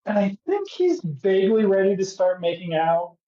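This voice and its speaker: A man's voice: high-pitched, sing-song, normal speed, dark tone. Sarcastic swearing man, echoey lo-fi. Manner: profane, sarcastic riffing. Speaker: podcast co-host. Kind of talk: casual comedic recap chat. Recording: echoey, dull lo-fi room sound.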